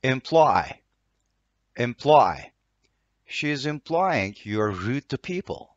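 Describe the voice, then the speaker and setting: A man's voice: mid-range voice, big pitch swings, drawn-out words, no echo, lo-fi sound. A man with a Turkish accent teaching English vocabulary, saying each word twice and reading an example sentence. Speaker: language teacher.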